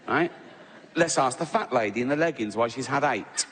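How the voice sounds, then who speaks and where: English comedian working a big theatre crowd. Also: male voice, fairly high pitch, fairly quick, a little hiss or hum. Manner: rambling, self-interrupting, conversational. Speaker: stand-up comedian. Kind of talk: stand-up comedy routine. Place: large theatre stage. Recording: live venue with long reverb and loud crowd.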